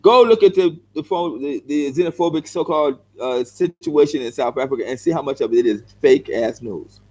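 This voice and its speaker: This middle-aged South Central Los Angeles vlogger speaks briskly in a slightly high, expressive, somewhat mellow voice with an LA accent. Facing the camera, he delivers a heated, blunt reply to viewer comments, confrontational and repetitive, calling them "bro." The recording quality is low.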